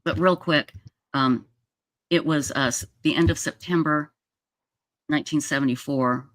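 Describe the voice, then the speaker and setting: A woman's voice: low-pitched, a little slow, no room sound, clean studio sound. A woman in her sixties from Utah, telling a long personal story on a livestream in a chatty, rambling way, full of restarts. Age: 60s. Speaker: livestream host. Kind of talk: casual storytelling. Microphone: streaming setup mic.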